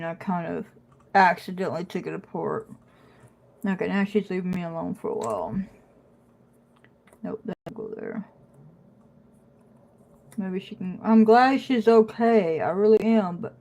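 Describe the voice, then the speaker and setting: A woman's voice: on the low side, darkish tone. Chatty woman streaming from home. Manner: chatty, scolds her dog between remarks to viewers. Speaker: puzzle live streamer. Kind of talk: casual livestream chat. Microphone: phone.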